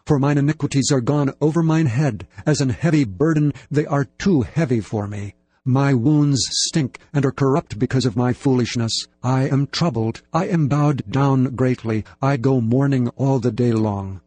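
Male scripture reader: steady, solemn delivery, mid pitch, dry close sound. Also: husky, no room sound. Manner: measured, solemn reading of archaic text. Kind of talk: scripted Bible reading.

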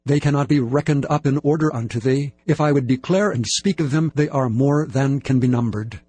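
A man's voice: medium pitch, fairly quick, warm tone, slightly rough. Reverent man reading scripture. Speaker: scripture reader.

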